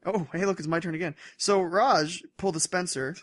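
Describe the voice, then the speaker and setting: A young man co-hosting a podcast, chatting casually and telling rambling, animated stories with frequent laughter. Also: high-pitched, a little fast, no room sound, studio quality. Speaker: podcast co-host. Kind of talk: casual chat.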